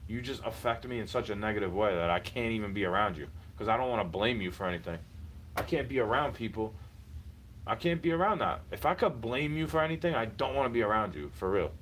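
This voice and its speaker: A man's voice: fairly low pitch, lively intonation, fast, a bit bright, poor audio. Frustrated man ranting, faint background hiss. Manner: heated, repetitive, swearing, addressing someone directly. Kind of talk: frustrated personal rant to camera.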